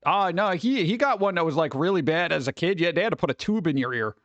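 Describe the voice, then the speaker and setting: A man's voice: fairly high pitch, animated, quick pace, a bit bright, dry recording, lo-fi sound. A man chatting casually with his stream chat, rambling with many restarts. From New York. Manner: rambling, restarts, mimics people in quotes.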